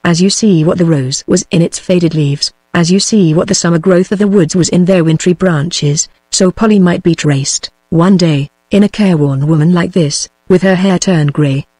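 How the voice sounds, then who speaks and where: A computer-generated woman's voice with a British English accent, reading an audiobook in an even, steady way. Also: fairly low pitch, moderate pace, hardly any pauses, dry recording. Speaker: narrator. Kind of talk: text-to-speech audiobook narration.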